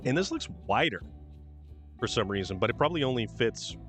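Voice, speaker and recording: A man's voice: mid-range voice, big pitch swings, brisk, a bit bright. Male streamer host, casual gameplay chat, faint music bed. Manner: chatty, reads truck descriptions aloud.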